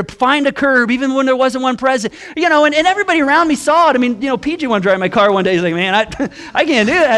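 High-voiced animated male pastor. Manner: animated, self-deprecating storyteller with frequent restarts. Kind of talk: sermon with storytelling.

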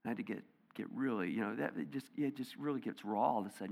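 Gravelly-voiced male pastor preaching. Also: mid-range voice, very fast, hardly any pauses, long reverb tail. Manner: conversational, swings from hushed near-whispers to loud emphatic bursts. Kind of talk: sermon. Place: church auditorium.

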